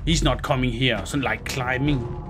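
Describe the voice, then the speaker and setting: A man's voice: medium pitch, fairly even intonation, moderate pace. A man with a Scandinavian accent, a gaming host muttering, groaning and swearing through a horror let's play. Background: game music.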